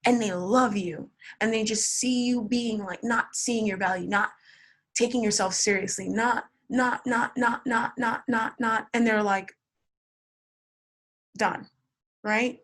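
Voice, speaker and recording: Blunt husky woman reading tarot. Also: on the high side, fairly even intonation, measured pace, a bit bright. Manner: blunt, swears, repeats words for emphasis. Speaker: tarot reader.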